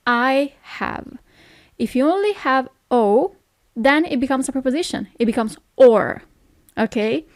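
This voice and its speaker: Italian lady teaching phrases, slow and patient, repeats stuff, bit high voice, dry close sound. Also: lively intonation, no echo. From Italy. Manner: patient, repeats each phrase slowly, checks in with "okay?".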